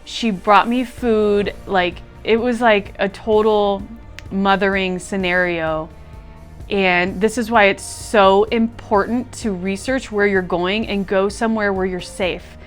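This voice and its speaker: A woman guest telling a deeply personal story, candid and casual, swearing now and then and leaning on "like". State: close to tears at times. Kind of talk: emotional personal testimony.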